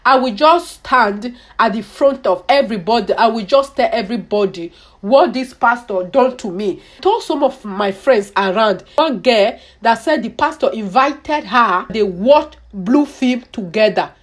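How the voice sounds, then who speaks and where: A woman's voice: fairly high pitch, lively intonation, unhurried. A young woman telling a personal story on her vlog, dramatic and repeating phrases for emphasis. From Nigeria. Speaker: vlogger.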